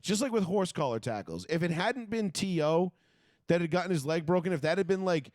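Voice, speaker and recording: A man's voice: high-pitched, brisk, no echo, clean studio sound. A man co-hosting a sports talk show, ranting with plenty of swearing in casual chat. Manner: profane, ranting, animated. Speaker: podcast co-host.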